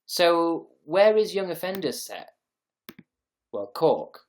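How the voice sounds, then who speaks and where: A man's voice: on the high side, very animated, takes it slowly. Sweary, sarcastic male livestreamer. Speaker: livestream host. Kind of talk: casual livestream chat.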